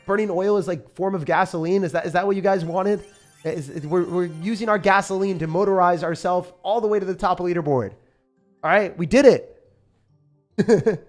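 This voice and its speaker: A young man commentating his own live game stream in a jokey, excitable way, bursting into shouts and laughter. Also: high voice. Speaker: gaming streamer.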